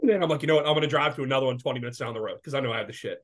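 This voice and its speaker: Podcast co-host, man, late 20s, sick and congested, rapid rambling storyteller with lots of swearing. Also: mid-range voice. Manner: animated storytelling, profane. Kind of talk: casual chat.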